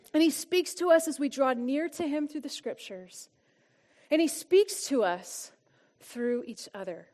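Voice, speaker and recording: A woman sharing a heartfelt personal testimony and teaching at a church gathering, her earnest voice often dropping soft and quiet for emphasis. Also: high-pitched. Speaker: church small-group speaker.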